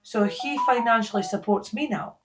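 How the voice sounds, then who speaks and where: A woman's voice: a little high, normal speed. A middle-aged Scottish woman talking in an interview, blunt and bawdy, laughing at her own jokes. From Scotland. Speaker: guest. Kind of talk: candid interview talk.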